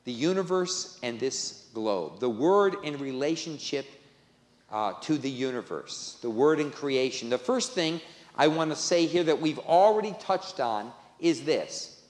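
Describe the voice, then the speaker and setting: Man preaching slow, voice rising and falling a lot, church hall echo. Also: mid-range voice, animated. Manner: emphatic, repeats key phrases for stress. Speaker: pastor. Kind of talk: sermon. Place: church sanctuary. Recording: echoey church with long reverb.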